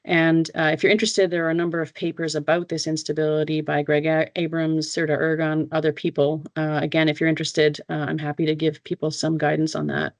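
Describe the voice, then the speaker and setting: A speaker giving a technical keynote talk over a video call, halting with many fillers and restarts. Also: mid-range voice, completely flat delivery, dry recording.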